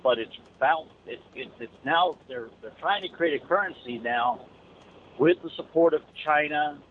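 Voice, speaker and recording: A man's voice: on the high side, moderate pace, a little hiss or hum. Man rambling over a tinny phone line. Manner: rambling, many restarts and stammers. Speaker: truck driver calling in. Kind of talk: casual chat.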